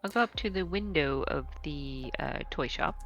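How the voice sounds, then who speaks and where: A woman playing a tabletop game, hesitant and soft-spoken. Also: sits low, animated, normal speed, highs cut off, faint music behind. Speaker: player.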